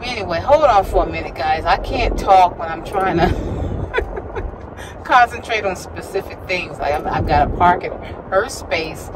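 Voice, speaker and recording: Inside her car, a woman vlogger chats to her viewers while driving, laughing often, talking to herself and occasionally sounding out of breath. Her voice is fairly low and animated, her pace measured, with background noise present.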